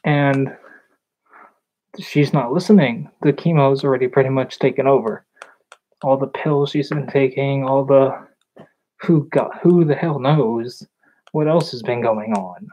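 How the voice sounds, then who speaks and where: Slow, halting young woman vlogger. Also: a bass voice, dark tone, breathy edge. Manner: halting, hesitant, with nervous laughs. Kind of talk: personal storytelling. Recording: slightly dull lo-fi recording.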